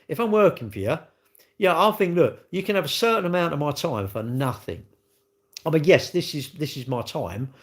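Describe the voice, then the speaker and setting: Man, blunt, rambling livestream chatter, mid pitch, ends lines with tag questions. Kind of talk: casual livestream chat. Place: indoors at home.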